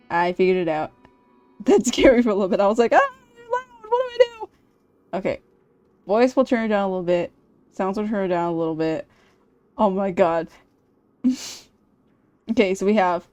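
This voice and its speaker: A woman streaming a game, excitable and casual, swearing freely and laughing often. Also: mid-range voice.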